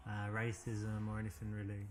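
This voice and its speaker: A man's voice: lowish voice, monotone, normal speed, a little hiss or hum, lightly acted. A man plays a cocky Englishman with a British accent, trying to charm a woman in a dating game. He boasts with awkward self-assurance. A faint ambient murmur sits behind him. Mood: confident. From England.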